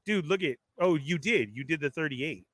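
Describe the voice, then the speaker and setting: A man on a home computer mic chatting casually about mic troubles, mumbling at times and drawing words out slowly. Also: fairly high pitch, expressive, a bit bright, dry recording. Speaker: podcast co-host.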